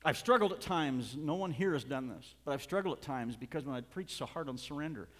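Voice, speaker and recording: Speaking at a quick pace with animated delivery, a middle-aged pastor preaches in a hall full of reverb. His mid-range voice ranges from soft side remarks to loud, fervent outbursts, and he chuckles briefly between points.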